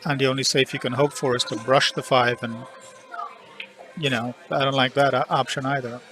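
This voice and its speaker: A man with a bright, forceful voice calls a pool match live from a headset in the commentary booth. He jokes between shots and gives blunt opinions on the table layout. Faint music sits behind him. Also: medium pitch, fairly even intonation, moderate pace. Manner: joking, opinionated about shots.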